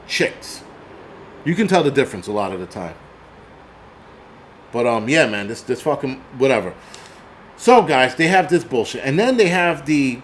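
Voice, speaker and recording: A man's voice: medium pitch, a bit bright, slight background noise. A man hosting his own channel, ranting angrily and swearing through a casual monologue. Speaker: channel host. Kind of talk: profane rant vlog.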